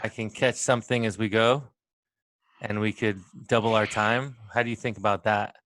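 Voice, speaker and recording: A man's voice: on the low side, steady tone, normal speed, a bit bright, no room sound, studio quality. A man playing a tabletop game, easygoing and laughing often. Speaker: player. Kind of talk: casual tabletop chat.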